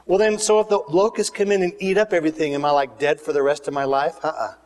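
Guy preaching, pretty high voice, lots of hall echo, gets loud then drops way down. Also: fast talker. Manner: animated preaching, swings between loud and hushed. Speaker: pastor. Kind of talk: sermon. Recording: reverberant hall.

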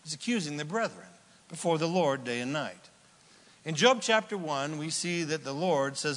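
A man preaching a sermon in a conversational, animated way, now and then acting out little voices. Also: a little high, normal speed, long reverb tail. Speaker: pastor.

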